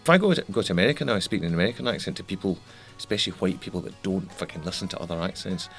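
A musician in an interview, talking candidly, with frequent restarts and the odd swear word. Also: male voice, sits low, lively intonation, very fast, fairly bright tone, soft background music. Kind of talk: reflective interview talk.

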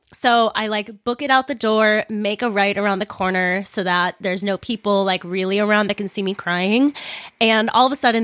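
A woman's voice: medium pitch, a bit bright, dry recording. A young woman hosts her podcast in a loose, chatty monologue, laughing easily and swearing without thinking twice. Her upper lip is sore, so she talks a little stiffly around it. The sound is dry and close, with no room in it. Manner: chatty, candid, laughs often, swears casually. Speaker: podcast host. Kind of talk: casual storytelling monologue.

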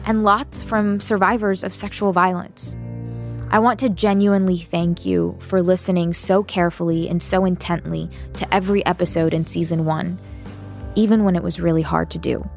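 A woman hosting a podcast, reading a sincere, measured outro thanking listeners. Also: lowish voice, steady tone, gravelly, faint music behind. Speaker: podcast host.

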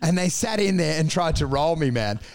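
A young man with a high-pitched voice chatting loosely and swearing freely. He acts out quotes as he tells his stories. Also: animated, a little fast. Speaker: guest telling stories. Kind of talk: casual chat.

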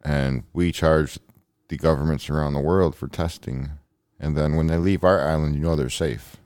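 A man co-hosting a podcast in casual chat, joking with quick, profane comebacks. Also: extremely low pitch, steady tone, darkish tone, dry recording, clean studio sound. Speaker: podcast co-host.

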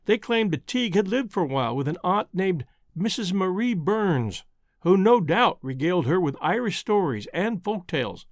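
A man's voice: sits high, very animated, normal speed, dry recording, studio quality. A man narrating a scripted account in a pointed, sardonic way.

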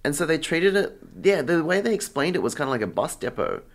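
A man's voice: a little high, sing-song, fast. A young man being interviewed, chatting casually and acting out the exchanges in his story, with lots of fillers. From Australia. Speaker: interview guest, artist.

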